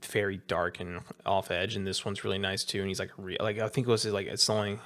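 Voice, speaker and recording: A man co-hosting a casual podcast chat, hoarse and losing his voice, rambling and hesitant and often clearing his throat. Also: sits low, little pitch movement, fairly quick, a bit bright. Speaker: podcast co-host.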